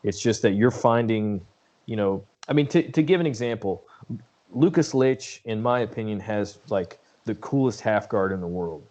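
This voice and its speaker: A man's voice: fairly low pitch, animated, moderate pace, a little mellow. A middle-aged man hosting a podcast interview, chatting in an easygoing, rambling way. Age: late 30s or older. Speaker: podcast host. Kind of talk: casual interview chat.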